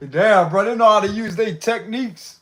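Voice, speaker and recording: A man's voice: high voice, moderate pace. A man doing a casual livestream tarot reading, slangy and laughing often as he talks to viewers. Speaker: tarot reader.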